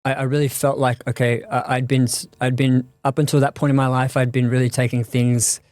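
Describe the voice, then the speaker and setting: A man speaking as an interview guest, thoughtful and halting, often restarting his sentences. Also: medium pitch, level tone, a little mellow, no echo. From Australia. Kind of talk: reflective conversational interview.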